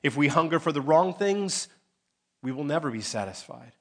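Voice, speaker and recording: A man preaching from the pulpit in a church, with his voice sitting a touch higher than most men's. He slows down and leans hard on key phrases to drive them home. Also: lively intonation. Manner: emphatic, dramatic pauses on key phrases. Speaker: pastor. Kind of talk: sermon. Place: church sanctuary.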